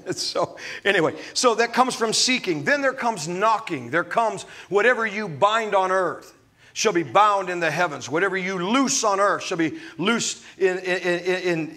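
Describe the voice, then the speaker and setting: High, bright-voiced preacher man. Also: normal speed. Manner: animated preaching with humorous asides. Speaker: pastor. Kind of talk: sermon.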